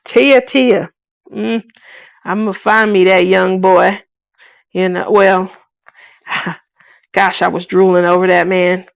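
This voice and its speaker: A woman's voice: mid-range voice, fairly even intonation, takes it slowly, vocal fry, long pauses, no room sound. A woman, hosting a craft live stream in casual chat, playful and laughing often as she reads out comments. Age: 40s. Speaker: craft channel host.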